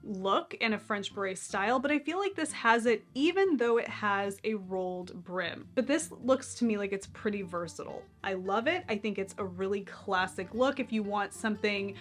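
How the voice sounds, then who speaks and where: A woman's voice: mid-range voice, lively intonation, normal speed, few pauses, faint music behind. Chatty woman hosting a knitting podcast. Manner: chatty, enthusiastic, self-deprecating. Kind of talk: casual chat about knitting patterns.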